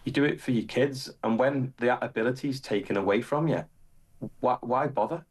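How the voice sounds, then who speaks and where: A British man, a farmer, talking as an interview guest, exasperated and halting with frequent restarts. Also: medium pitch. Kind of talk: casual interview conversation.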